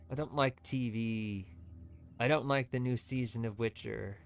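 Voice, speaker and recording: A man's voice: medium pitch, measured pace, slight background noise. A man streaming gameplay, ranting with strong opinions in loose, rambling commentary. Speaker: VTuber streamer.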